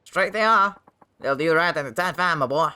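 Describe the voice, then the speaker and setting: Guy putting on a high, bright, chatty runaway who keeps pleading with his boy. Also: expressive, a little fast, clean tone. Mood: eager. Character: excitable older man on the run, calls everyone boy. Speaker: game character voiced by a player.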